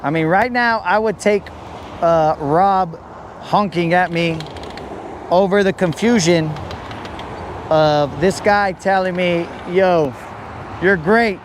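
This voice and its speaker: Background noise surrounds this man's high, slow voice as he pauses often during his fishing livestream. Standing by a riprap shoreline near a road, he rambles and jokes with chat, treating them as bros.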